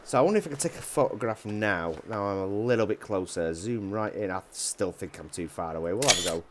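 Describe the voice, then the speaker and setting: A man with a Yorkshire accent chatting casually while playing a hunting game, rambling with restarts and often dropping his voice low. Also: a little fast, background noise. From Yorkshire, England. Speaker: gaming YouTuber. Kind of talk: casual gameplay commentary.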